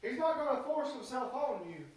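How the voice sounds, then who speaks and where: A man delivers a sermon in a high voice, stumbling and filling pauses with "uh" in folksy, plain speech. He is heard from a distance across a very reverberant church. The sound is roomy and hollow. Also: expressive, a little mellow. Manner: halting, fills pauses with "uh". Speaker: preacher. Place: church sanctuary. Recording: echoey church from far off.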